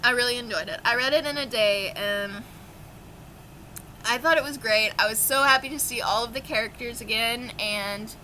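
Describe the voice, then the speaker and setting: A woman's voice: on the high side, normal speed, pushed and bright, a little hiss or hum, poor audio. A young woman with a dry, coughing throat, gushing and swearing casually as she chats through her monthly reading wrap-up for her book vlog. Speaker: book vlogger.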